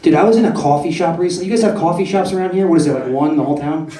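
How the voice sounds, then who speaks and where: A man's voice: fairly high pitch, rapid-fire, mellow, far from the mic. A young man doing a stand-up comedy set in a club, brash and profane, often asking the crowd "right?". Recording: roomy club echo, voice off-mic.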